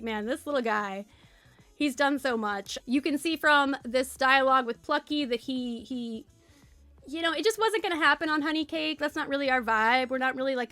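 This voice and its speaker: A woman's voice: high-pitched, a bit bright, no echo. A woman streamer chatting playfully through a cozy let's play, gossiping about her game villagers. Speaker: streamer and game channel host. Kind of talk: casual let's play commentary.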